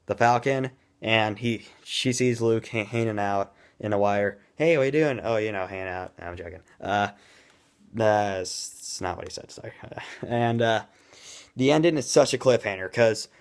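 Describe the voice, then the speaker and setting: An excitable young-sounding man runs through a film in a casual, rambling review. His voice sits fairly low and comes across smooth and clear. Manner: excitable and rambling, admits he talks fast. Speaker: movie reviewer.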